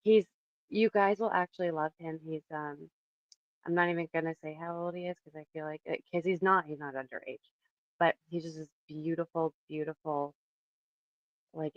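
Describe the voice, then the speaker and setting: A woman's voice: low voice, dry recording, dull audio. A woman in her thirties hosting a casual livestream from her home kitchen, chatting in a rambling way and reading the chat aloud. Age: 30s. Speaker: livestream host. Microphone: phone.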